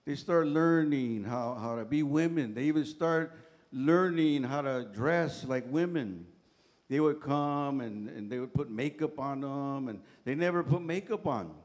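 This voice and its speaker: A man's voice: medium pitch, a little slow, a little mellow. A middle-aged male pastor preaching in a church, telling stories in a casual, colloquial way full of "man" and "right?". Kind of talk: sermon with humorous personal stories. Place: church sanctuary.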